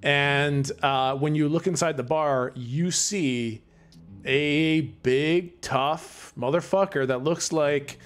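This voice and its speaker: A man's voice: a little high, takes it slowly, clean tone. A man acting as game master who narrates the scene in a casual, profane style.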